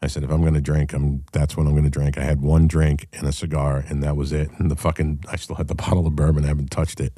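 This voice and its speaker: A man's voice: extremely low pitch, level tone, fast, few pauses, dark tone, no room sound, studio quality. A man hosting a casual call-in chat, telling stories in a blunt, profane way. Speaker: show host.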